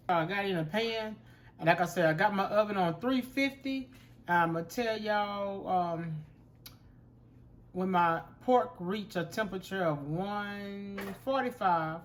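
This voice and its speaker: A man's voice: high-pitched, slight background noise. A man hosts a home cooking show, chatting in a folksy way while he works. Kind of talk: casual cooking demonstration.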